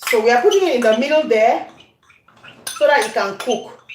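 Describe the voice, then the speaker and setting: A Cameroonian woman with a high voice talks viewers through a recipe in her kitchen. She chats casually and drifts into Pidgin. The room rings with an echoey kitchen sound. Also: expressive, normal speed, a little hiss or hum. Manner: chatty, addresses viewers, breaks into Pidgin. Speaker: cooking channel host. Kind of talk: casual cooking demonstration. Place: home kitchen.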